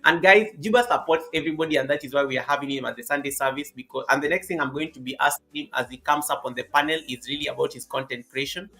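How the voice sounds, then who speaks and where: A man's voice: on the high side, fast, hardly any pauses, pushed and bright, low-quality recording. A man hosting a live stream interview, greeting viewers by name and repeating his phrases.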